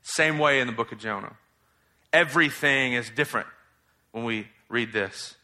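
A man preaching a sermon as pastor, reading scripture and acting out quotes with lively, mocking emphasis. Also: medium pitch, moderate pace. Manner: animated, mocks in exaggerated voices while quoting.

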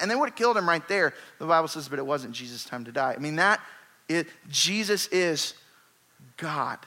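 A man preaching a sermon, retelling scripture in a lively, conversational way with emphatic rises. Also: a little high, normal speed.

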